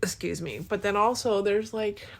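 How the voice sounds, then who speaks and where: Speaking at a moderate pace in a creaky, medium-pitched voice, a young woman addresses her partner on her podcast. It's a casual, rambling diary-style talk, full of "like" and false starts, and it's deeply heartfelt.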